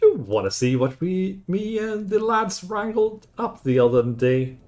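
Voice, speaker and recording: A brawny, cheerful campus bloke, loud and boisterous, with a lively voice that goes up and down, as a streamer puts him on. He talks in an easy, matey way in this game voice. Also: high voice, unhurried, voice pushed up.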